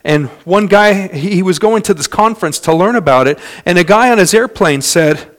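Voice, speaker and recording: A man preaching a sermon as pastor, swinging between loud, fast passages and soft, slow ones, and telling stories in others' voices. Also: high voice, expressive. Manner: dynamic preaching with wide swings in loudness and pace; storytelling with imitated voices of others.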